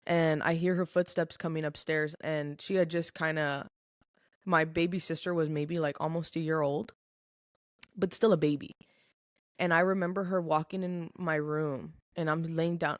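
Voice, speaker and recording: On a podcast, a young adult woman opens up about her own experience, candid and emotional, saying "like" again and again among other fillers. Her voice is low-pitched. The recording is clean studio quality without any room sound.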